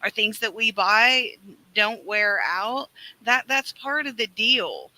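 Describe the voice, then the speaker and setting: A woman giving measured, thoughtful closing remarks on a live panel, posing rhetorical questions. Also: on the high side, animated, bright, forceful tone, low-quality recording. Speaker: panel guest.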